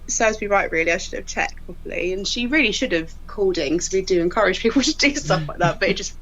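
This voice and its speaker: Lively woman telling stories. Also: mid-range voice, quick pace, few pauses, dull audio, slight background noise. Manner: lively, laughing storyteller who acts out quotes. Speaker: crime scene investigator guest. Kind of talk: casual anecdote telling.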